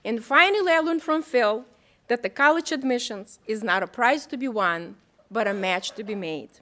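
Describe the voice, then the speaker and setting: A woman introducing the keynote speaker at a school event, playful and warm as she builds him up. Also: fairly high pitch, lively intonation, moderate pace. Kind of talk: introduction speech. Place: auditorium.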